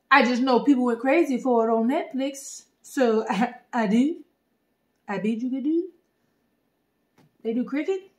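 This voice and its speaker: A woman vlogging a casual drink review, playful and slangy with sudden animated bursts. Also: a little high, unhurried, long pauses. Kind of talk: casual chat.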